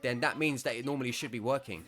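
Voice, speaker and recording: A man retelling a story, mimicking a rude, sarcastic male customer who ends up shouting insults. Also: mid-range voice, quick pace, natural voice. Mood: indignant.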